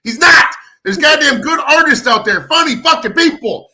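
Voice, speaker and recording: An American man hosting a live stream podcast, ranting in casual profane chat and shouting when worked up. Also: very high voice, lively intonation, normal speed. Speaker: podcast host.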